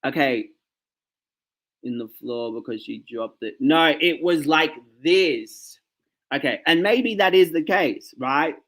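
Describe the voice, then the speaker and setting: A man's voice: on the high side, lively intonation, takes it slowly, a bit bright. Ranting man vlogging. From Australia. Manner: ranting, talks straight to viewers with frequent "okay" and "like". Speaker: commentary vlogger. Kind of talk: casual reaction commentary.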